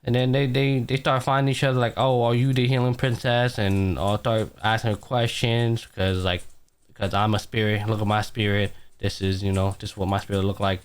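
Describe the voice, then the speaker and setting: A man's voice: lowish voice, steady tone, fairly quick, clean tone. A man hosting a podcast, casually retelling an anime episode in a loose, profane way full of fillers. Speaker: podcast host. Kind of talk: casual anime recap chat.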